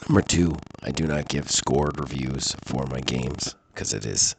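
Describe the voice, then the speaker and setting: A man's voice: a bass voice, measured pace, hardly any pauses, background noise. A man reviewing a video game, speaking through a sickness that leaves his voice congested, rambling with fillers and restarts. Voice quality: gravelly. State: sick, congested voice.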